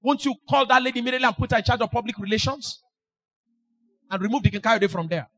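Male preacher, high and ringing, sing-song delivery that bursts into shouts. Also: quick pace, faint music behind. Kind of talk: sermon.

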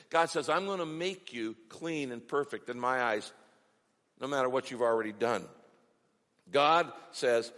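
A man's voice: medium pitch, fairly bright tone. A middle-aged man preaching a sermon as pastor, with an emphatic, repetitive cadence. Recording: long reverb of a large hall.

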